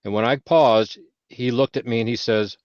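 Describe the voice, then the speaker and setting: A man on a veterans' panel telling a service story in casual chat, swearing freely and getting loud when he quotes himself. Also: medium pitch, fairly even intonation, normal speed, dry recording. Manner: heavy profanity, loud bursts when quoting himself. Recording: dull lo-fi audio.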